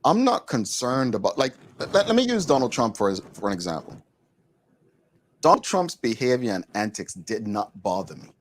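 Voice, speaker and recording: A Bermudian man hosting a talk show, his pitch swinging widely as he makes his point. He talks in an emphatic, opinionated way, pressing hard on what he believes. His tone is casual studio chat. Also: sing-song, moderate pace.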